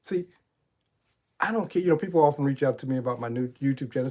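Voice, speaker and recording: A middle-aged man speaks quickly in a mellow, mid-range voice. He's a motivational coach and channel host giving a spiritual talk like a storytelling preacher, recounting Bible tales and asking rhetorical questions.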